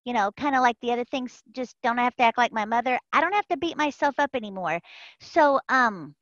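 A woman giving an animated, folksy personal testimony to a support group over an online call, repeating phrases for emphasis. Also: fairly high pitch, a little fast, no room sound. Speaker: member sharing at a support group. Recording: dull lo-fi call audio.

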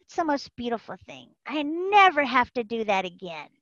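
A woman giving an animated, folksy personal testimony to a support group over an online call, repeating phrases for emphasis. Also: on the high side, normal speed, no room sound. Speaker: member sharing at a support group. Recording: dull lo-fi call audio.

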